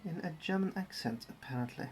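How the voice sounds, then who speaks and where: A livestreamer chats casually while building a model kit, wry and easygoing as each step is narrated. The voice sits at a middle pitch. A faint hiss of noise runs underneath. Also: expressive, a little fast. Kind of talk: casual live-stream commentary.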